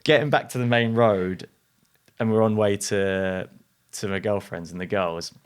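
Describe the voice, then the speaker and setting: A man's voice: lowish voice, a little slow, smooth. A man, a guest telling a rambling anecdote in casual chat, full of slang and fillers. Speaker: interview guest. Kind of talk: casual storytelling.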